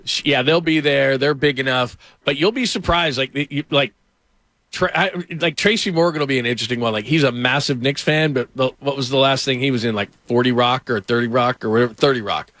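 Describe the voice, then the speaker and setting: A man's voice: medium pitch, fairly quick, fairly bright tone, dry recording. A man hosting a sports radio show, telling rambling anecdotes full of fillers into a studio microphone.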